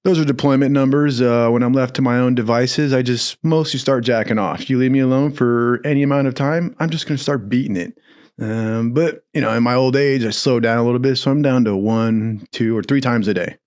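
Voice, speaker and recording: A man in casual storytelling, swearing freely, laughing often, and acting out quoted lines in a higher voice. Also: a little fast, darkish tone. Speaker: podcast storyteller.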